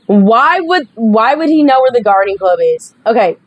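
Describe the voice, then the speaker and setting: A woman's voice: fairly high pitch, sing-song, normal speed, no room sound, low-quality recording. A young woman giving chatty, sassy commentary while she plays a dating game. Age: young adult. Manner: chatty, sassy, reacting aloud. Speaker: gaming streamer. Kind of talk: casual gameplay commentary.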